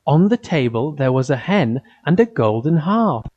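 A man reading a simple fairy tale aloud for children, in an even storytelling way. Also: fairly high pitch, slightly rough. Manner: slow, simple, evenly paced storytelling. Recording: dull lo-fi recording.

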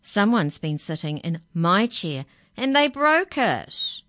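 A woman's voice: on the low side, very animated, slow pace, a bit bright, dry recording, clean studio sound, exaggerated voice. A woman reading the lines of a small young male bear cub in a storybook. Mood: plaintive.

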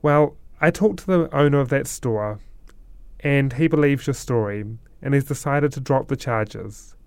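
A man voicing a kindly older stranger with a white beard, reassuring and lively. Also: mid-range voice, a little slow, smooth, dry recording, close to an everyday voice.

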